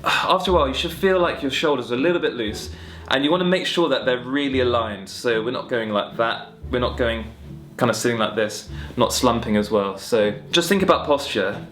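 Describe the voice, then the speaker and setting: A young man teaching a singing warm-up lesson in a relaxed, friendly, chatty way, talking through stretches and vocal exercises. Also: medium pitch. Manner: relaxed, friendly and chatty, demonstrating hums and sung syllables. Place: home music room with guitars on the walls.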